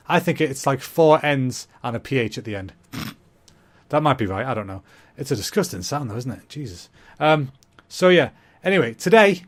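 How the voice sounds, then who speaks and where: A young man, hosting a comedy podcast in a rambling, self-mocking monologue, talking quickly. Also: mid-range voice.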